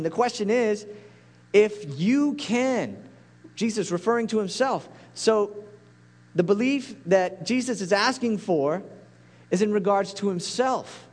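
A man preaching a sermon as a pastor, earnest and pleading, building to intense peaks. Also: sits high.

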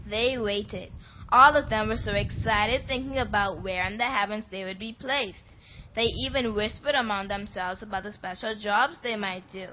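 A woman narrating a church Christmas play in an expressive storybook style. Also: medium pitch, normal speed, highs cut off, a little hiss or hum.

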